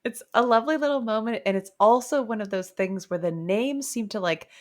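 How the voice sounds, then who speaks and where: A woman co-hosting a casual book club podcast, retelling scenes with animated character lines. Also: on the high side, fairly quick. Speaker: podcast co-host.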